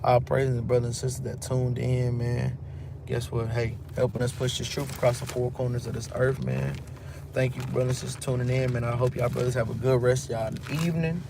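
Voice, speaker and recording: Against a noisy background, a Texan-accented man teaches from the Bible in a medium-pitched, level voice with vocal fry, moving briskly. He reads verses aloud and retells them in street slang for his religious group.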